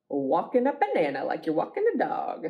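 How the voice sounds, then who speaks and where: A woman librarian leading a children's storytime, reading a picture book aloud in an animated, inviting way and talking to the children. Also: lowish voice, lo-fi sound.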